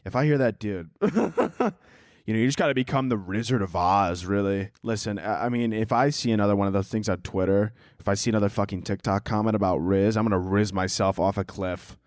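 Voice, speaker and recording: A man's voice: lowish voice, a little fast, a little mellow, no echo, studio quality. A man hosting a solo podcast, ranting casually with sarcasm and profanity and laughing at his own jokes. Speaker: podcast host.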